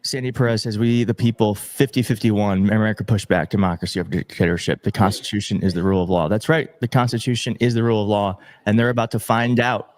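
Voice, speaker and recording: A man's voice: fairly low pitch, fairly even intonation, fast, hardly any pauses, darkish tone, no echo. Grateful man hosting a live stream. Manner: grateful, emotional, fumbling. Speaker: livestream host reading viewer donations. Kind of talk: casual live-stream chat.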